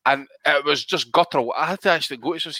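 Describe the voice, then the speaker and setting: A man's voice: on the high side, quick pace, dry recording. A man co-hosting a casual boxing podcast, swearing a lot as he tells stories. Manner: sweary, animated storytelling. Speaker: podcast co-host.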